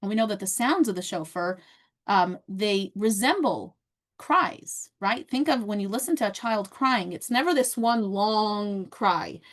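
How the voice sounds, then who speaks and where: A woman leading a relaxed lesson, her voice at an ordinary middle pitch. She tells the story in an easy, chatty way, with ums and little restarts as she thinks aloud. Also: unhurried. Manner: conversational, many fillers and restarts. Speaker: Torah class teacher.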